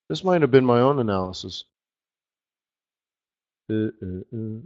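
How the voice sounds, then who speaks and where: A man hosting a live trading webinar, walking viewers through charts in an excitable, slangy, chatty way. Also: medium pitch, measured pace, pauses often. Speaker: forex trading webinar host. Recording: slightly dull lo-fi audio.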